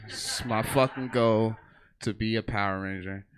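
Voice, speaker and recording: A man's voice: lowish voice, fairly even intonation, measured pace, slight background noise. A man doing a profane stand-up comedy set on a theater stage, telling stories and briefly acting out other people's voices. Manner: profane, storytelling, acts out voices in bursts.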